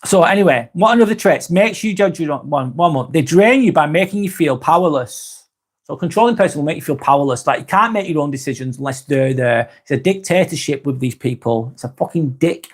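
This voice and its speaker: A man's voice: a little high, expressive, brisk. A man hosting a live vlog, answering chat in a rambling, frank way, swearing often and restarting sentences. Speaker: host.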